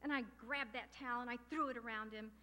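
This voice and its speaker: A middle-aged woman preaching a sermon with passion and emphasis, slowing down to stress key words. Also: fairly high pitch, fairly even intonation, bright, forceful tone. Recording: long hall reverb.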